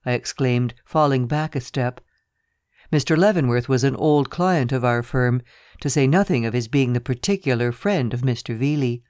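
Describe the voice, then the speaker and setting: An audiobook narrator reading a first-person story in a measured, even way. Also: medium pitch, no echo, studio quality.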